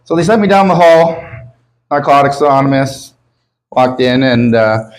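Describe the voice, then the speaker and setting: A man's voice: medium pitch, expressive, normal speed, rough recording. A man from Canada doing a stand-up comedy set, crude and self-mocking, swearing often as he jokes about his city and his sobriety. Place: comedy club stage with a live audience.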